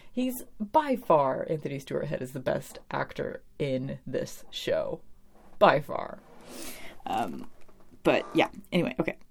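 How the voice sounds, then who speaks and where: Woman reviewer, deep voice, rambling casual chat with blunt asides. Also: creaky, breathy edge. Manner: chatty and rambling, with many fillers and cursing asides. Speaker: TV episode reviewer.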